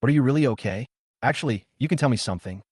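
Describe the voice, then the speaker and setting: A man's voice: mid-range voice, lively intonation, racing, a little mellow, breathy edge, no room sound, studio quality. A man reading as an earnest teenage schoolboy friend. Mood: concerned. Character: young male student, caring friend.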